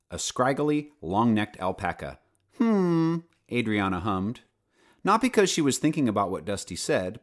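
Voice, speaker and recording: A man narrating a children's storybook with playful asides to the listener. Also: fairly low pitch. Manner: lively storyteller, playful asides, does character voices. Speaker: audiobook narrator.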